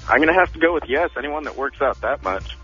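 A man in his twenties on a radio show, hesitant and blunt, with a husky voice. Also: mid-range voice, animated, fast, sharp tone, faint music behind. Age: 20s. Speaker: single guest picking dates. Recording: slightly dull radio broadcast.

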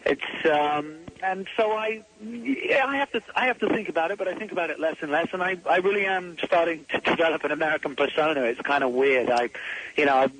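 A male actor from Britain calling in to a radio show, his voice slightly high and carried over a phone line with faint noise. He answers haltingly, full of ums and restarts. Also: fairly bright tone. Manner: hesitant, many fillers. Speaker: actor guest.

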